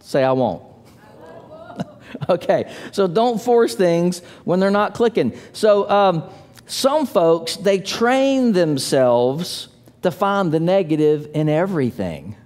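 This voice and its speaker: A man preaching a sermon as pastor, telling stories in an animated, playful way with little voices for the characters. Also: high-pitched, slow pace. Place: church sanctuary. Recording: long hall reverb.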